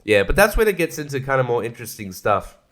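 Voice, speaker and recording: A man's voice: medium pitch, big pitch swings, quick pace, fairly bright tone. A man hosting a casual film review podcast, rambling and sarcastic, swearing freely and laughing often. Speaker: podcast host reviewing films.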